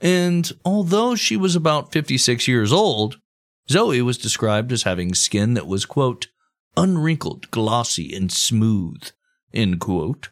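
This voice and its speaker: A man hosting a comedy history podcast, telling the story casually with crude jokes and plenty of swearing. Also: medium pitch. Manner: crude, joking, swears freely.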